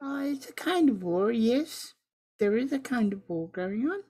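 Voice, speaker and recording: A woman's voice: on the high side, expressive, measured pace, dark tone. A woman voicing a friendly vampire who patiently explains things in an earnest way.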